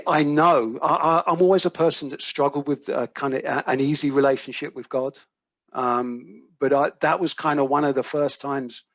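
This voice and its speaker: A man's voice: medium pitch, no room sound. British man, speaker at a recovery workshop, vivid storyteller, dry and muffled call audio. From United Kingdom. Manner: vivid storyteller who acts out quoted dialogue, swears casually. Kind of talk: personal storytelling talk. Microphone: video call microphone.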